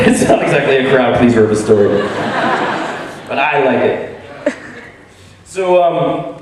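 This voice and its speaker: A man hosting a live stage show, teasing and directing the audience in a jokey, animated way. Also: medium pitch, moderate pace, long pauses. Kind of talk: playful live crowd work. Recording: echoey hall, distant mic, crowd noise.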